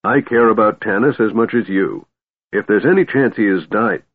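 A crotchety old dwarf, gruff and stubborn, as a male narrator puts him on. His low, husky voice grumbles along. The recording sounds narrow and tinny. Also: moderate pace. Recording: tinny phone-like audio.

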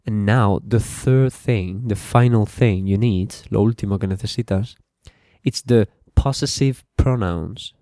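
Casting: male teacher, slow patient drilling, dry close mic. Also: on the low side, dark tone, no room sound. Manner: slow, repetitive drilling, switching to Spanish translations. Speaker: English teacher. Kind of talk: bilingual English lesson podcast.

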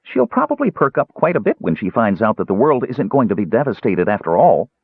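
A man's voice: on the low side, very animated, brisk, slightly rough, no room sound, pitched above the performer's own voice, exaggerated voice. A man voicing a cheerful young male kender, small and carefree, speaking in a chirpy, upbeat way. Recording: tinny phone-like dry sound.

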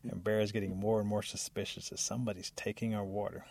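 A man telling a folk tale in a relaxed, lively way. His voice is low and gravelly. The sound is dry and close, from a studio mic. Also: fast talker, no room sound. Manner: relaxed, lively narration with occasional laughs. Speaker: storyteller.

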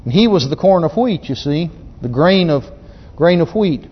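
A high-voiced man preaches with folksy fervor, often restarting his sentences. His voice rings through a long reverberant hall, and the recording is dull and muffled. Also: expressive, normal speed, breathy edge. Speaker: pastor. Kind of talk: sermon.

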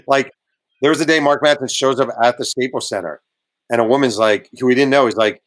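A man's voice: medium pitch, fairly quick. A man, a guest author, telling casual sports stories in an interview, slipping into quoted voices.

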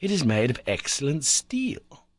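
A man voicing an impetuous young explorer who speaks with eager excitement. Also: mid-range voice, unhurried, dry recording, pitched above the performer's own voice. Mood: excited.

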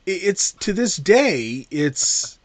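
Guy talking movies, bouncy lively voice, kinda rambly, dry close mic. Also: high-pitched, slow pace, no echo. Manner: animated, rambling with restarts and playful impressions. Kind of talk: casual chat about a film.

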